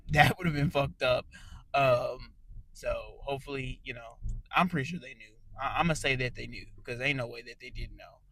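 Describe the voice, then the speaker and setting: A man giving a casual, profane audio recap of a reality show, ranting bluntly and sometimes trailing off into quiet mumbles. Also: medium pitch, slight background noise, rough recording.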